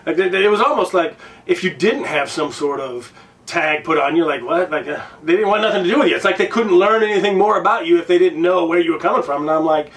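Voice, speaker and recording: A man's voice: high voice, fast, fairly bright tone, far from the mic. A man from Illinois hosting a casual interview, talking in a rambling way with restarts and swearing. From Illinois, United States. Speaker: podcast host. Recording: voice a bit off-mic.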